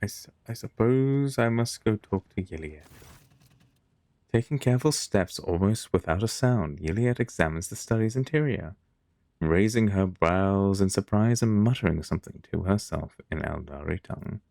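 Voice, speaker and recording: Male streamer, very low voice, dry close sound, faint music behind, chatty. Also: expressive, moderate pace, creaky, a little mellow, dry recording. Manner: casual, chatty asides with chat. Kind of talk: reading a video game aloud on stream.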